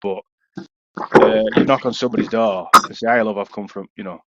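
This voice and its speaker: A man's voice: fairly low pitch, fairly quick, muffled recording, heavy background noise. Yorkshire man telling a swearing-laced story. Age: young adult. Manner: swears freely, lively anecdotes. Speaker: podcast co-host. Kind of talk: casual storytelling chat.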